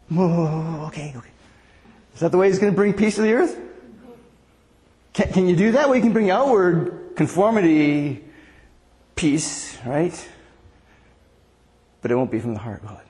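A man's voice: on the high side, darkish tone. A man preaching a conversational sermon as pastor, asking the congregation questions. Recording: long hall reverb.

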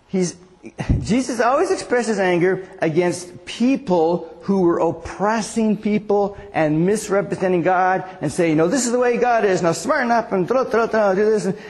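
Fairly high, creaky and a little mellow, the voice belongs to a pastor in his sixties preaching informally. His chatty stories are full of restarts, and the hall gives the recording an echoey reverb.

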